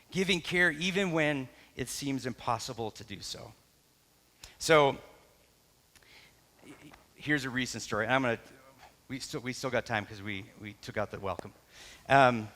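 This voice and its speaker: A man's voice: mid-range voice, big-room sound. A middle-aged man, a pastor, telling a personal story in a sermon, talking in a loose conversational way, correcting himself and acting out what people said. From Canada. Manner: conversational, self-correcting, animated retelling with acted quotes.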